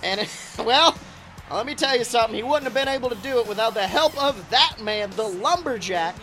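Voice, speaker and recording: Man doing a high, crude wrestling announcer. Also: a little fast, soft background music, full character voice. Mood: excited. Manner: profane, excitable, shouts big moves. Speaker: wrestling commentator character. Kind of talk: comedic play-by-play commentary.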